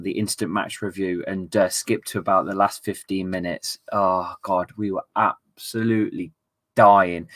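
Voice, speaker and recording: Brief: young guy, slightly low voice, relaxed live-stream chatter, quick to laugh. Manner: chatty, reads viewer messages aloud, laughs often. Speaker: football streamer. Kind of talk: casual live-stream chat.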